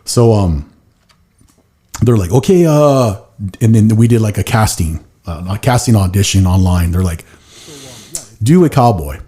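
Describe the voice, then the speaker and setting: A man's voice: lowish voice, lively intonation, unhurried, pauses often, warm tone, breathy edge. A man hosting a podcast in casual chat, telling rambling stories full of "like" and slipping into silly put-on voices. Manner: rambling storyteller, heavy use of "like", slips into silly voices. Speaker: podcast host.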